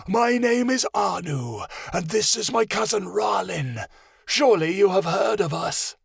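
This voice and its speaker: A gloating giant lizard. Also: male voice, high-pitched, expressive, a little slow, gravelly, pitched above the performer's own voice, exaggerated voice. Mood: mocking. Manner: cackling, mocking.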